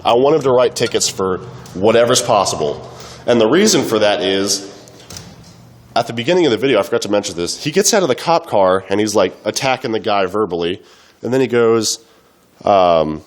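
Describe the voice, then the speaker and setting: A man's voice: fairly low pitch, expressive, normal speed. A young man commenting casually on a video, rambling with many fillers, coughing and a little unwell. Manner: rambling, loose, full of fillers. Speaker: vlogger.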